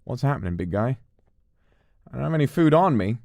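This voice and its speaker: A playful male streamer reacting to a game, his pitch leaping around as he jokes and yells. He sounds close and dry on a streaming mic, with no room sound at all. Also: big pitch swings, a little fast, creaky, no echo. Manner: playful, jokey, shifts into silly voices and yells. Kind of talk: casual gaming livestream commentary.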